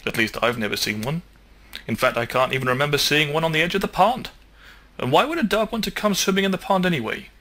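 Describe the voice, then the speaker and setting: A high, bright-voiced frog who scoffs and protests at every worry, as a man puts him on. He pushes his voice upward in disbelief, sharp and ringing. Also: expressive, quick pace. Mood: protesting. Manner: raised, incredulous, laughing protests. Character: excitable skeptical male frog, scoffing.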